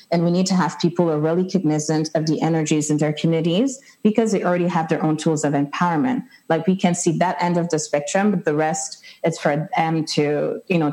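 A woman with a low, mellow voice speaks on a panel discussion. She is thoughtful and reflective, and she fills her sentences with frequent "like"s as she works through her ideas. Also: poor audio.

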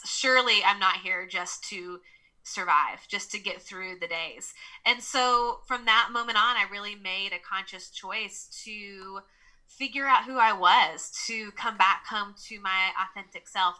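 Southern woman, very bright tone, candid life coach guest. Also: mid-range voice, low-quality recording. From Nashville, Tennessee. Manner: open, earnest storytelling. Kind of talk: casual interview conversation.

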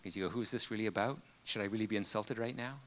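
A man preaching a sermon, telling a personal story earnestly with many pauses and fillers. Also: fairly low pitch, slight background noise.

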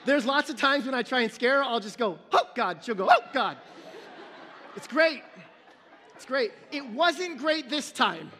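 A man's voice: very high voice, expressive, moderate pace, pushed and bright, long reverb tail, a little hiss or hum. A pastor in his forties preaching a sermon, earnest and storytelling, with self-deprecating humor.

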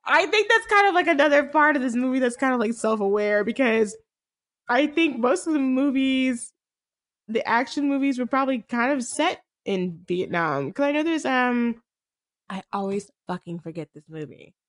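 Woman, casual co-host, high voice, very lively pitch, laughs easily, salty. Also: moderate pace. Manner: animated, laughs a lot, swears freely. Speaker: podcast co-host. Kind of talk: casual movie recap chat.

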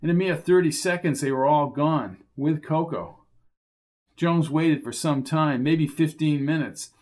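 A man narrating a crime novel as an audiobook, in a steady, measured storytelling manner. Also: fairly high pitch.

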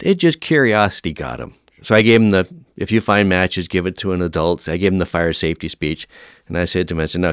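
Man, middle-aged, low voice, dry close sound, animated storyteller. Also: no echo. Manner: animated storyteller, acts out quoted dialogue. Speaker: firefighter guest. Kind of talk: storytelling in an interview.

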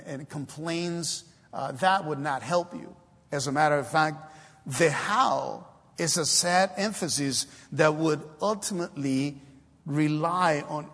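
A man with a fairly high, fairly bright voice and a breathy edge gives a sermon in a church. He is hesitant, with plenty of fillers, yet breaks into emphatic exhortations, and the hall reverb is long.

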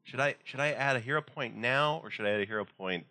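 A man's voice: mid-range voice, quick pace, pushed and bright. A man playing a tabletop game, chatty and self-mocking about his dice rolls. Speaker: player. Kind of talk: casual tabletop game chat.

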